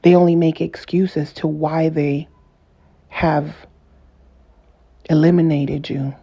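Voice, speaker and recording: A woman's voice: sits low, fairly even intonation, takes it slowly, vocal fry, mellow, slightly rough, lo-fi sound. A woman vlogger in an earnest, casual monologue who repeats and rephrases herself for emphasis. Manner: earnest, repetitive, builds emphasis through rephrasing. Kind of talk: casual personal monologue to camera.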